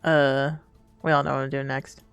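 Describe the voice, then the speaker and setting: A young adult woman streaming a game, reading its text aloud between excitable, crude, giggly banter. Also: rumbling low, normal speed, creaky, clean tone, dry recording, muffled recording, soft background music.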